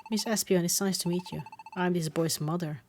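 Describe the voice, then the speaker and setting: Woman reading as a gentle mother bug creature. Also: fairly low pitch, steady tone, normal speed, slight background noise, lightly acted. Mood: concerned. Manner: polite, concerned.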